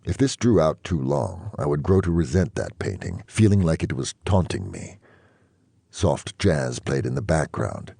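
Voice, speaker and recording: A man reading a novel aloud in first-person narration, measured and even. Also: extremely low pitch, vocal fry, slightly rough, no room sound. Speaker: audiobook reader.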